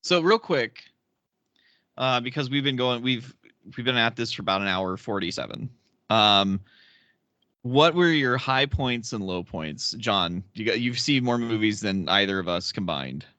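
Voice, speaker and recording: A man's voice: medium pitch, lively intonation, a little slow, sharp tone, dry recording. A man co-hosting a podcast, playful and joking in casual chat. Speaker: podcast co-host.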